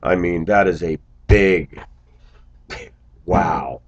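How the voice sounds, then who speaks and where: A man's voice: low-pitched, very slow, dull audio. A man talking to his viewers in a casual vlog monologue, musing aloud and breaking into exclamations. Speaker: vlogger.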